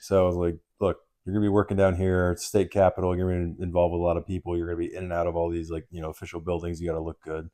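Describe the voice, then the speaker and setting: A man in his thirties co-hosting a podcast, casual and animated, swearing freely. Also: sits low, racing, few pauses. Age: 30s. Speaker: podcast co-host.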